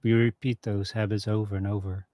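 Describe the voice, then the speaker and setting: A man hosting a podcast, asking earnest, halting questions filled with "like". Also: on the low side, flat delivery, no echo, dull audio. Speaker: podcast host. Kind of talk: podcast interview.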